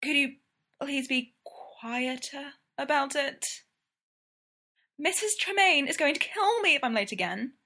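A high, frantic young woman who is always running late, as a woman narrator puts her on. She pleads and calls out in a bright, strained, rising voice. The storybook reading has an even, plain sound. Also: measured pace, heavily acted.

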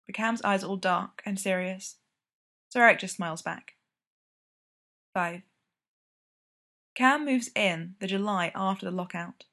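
A woman narrating a piece of fiction in a steady storytelling delivery. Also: medium pitch, a little slow, pauses often. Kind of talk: audiobook reading of fiction.

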